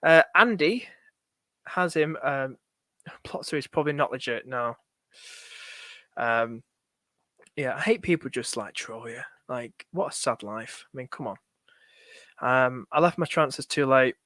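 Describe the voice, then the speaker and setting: A man's voice: mid-range voice, lively intonation, measured pace, long pauses, bright, forceful tone, dry recording, studio quality. A young man on a live stream, thinking aloud in a chatty, anxious way and talking to his viewers. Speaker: fantasy football streamer.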